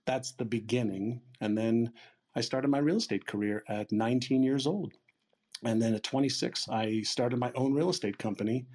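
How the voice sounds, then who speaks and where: Man, sixties, husky voice, lively storyteller, voices the dialogue. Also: mid-range voice, normal speed. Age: 60s. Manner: lively retelling, acting out quoted dialogue, casual swearing. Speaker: interview guest. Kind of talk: storytelling in a conversation.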